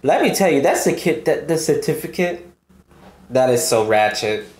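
A woman's voice: deep voice, lively intonation, normal speed, a little mellow, reverberant. A woman doing casual reaction commentary, talking in a profane, talkative way. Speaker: reaction youtuber.

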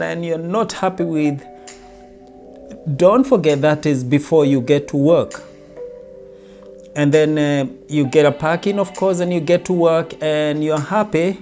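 A self-help speaker delivers a motivational monologue as a story, briefly acting out everyday lines. His voice is a little high with a darkish tone.

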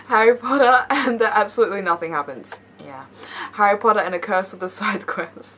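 A woman's voice: medium pitch, brisk, a bit bright, slight background noise. A young woman YouTuber reading memes aloud with playful commentary, giggling often and teasing herself. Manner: giggly, laughs between lines; playful, self-mocking asides.

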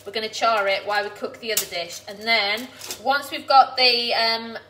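A woman hosting a chatty live cooking stream from her home kitchen, bubbly and excitable. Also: a little high, a little hiss or hum. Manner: bubbly, excitable, quick to laugh and tear up. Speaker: cooking livestream host.

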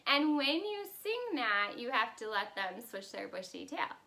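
A woman's voice: fairly high pitch, big pitch swings, measured pace, gravelly, few pauses, bright, forceful tone. A woman teacher in a video lesson for young children, cheerful and sing-song as she leads actions and songs. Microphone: camera in front of her.

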